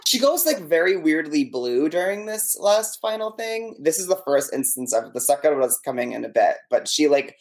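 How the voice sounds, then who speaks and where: A woman's voice: deep voice, sing-song, normal speed, few pauses, a little mellow. A woman co-hosting a podcast, adding wry, laid-back commentary in casual chat. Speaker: podcast co-host.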